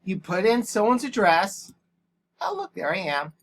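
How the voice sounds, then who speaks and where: A man's voice: high-pitched, very animated, unhurried. A male English teacher giving a screen-recorded tutorial, speaking into a headset microphone and dictating punctuation aloud in a plain, matter-of-fact way. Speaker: English language arts teacher.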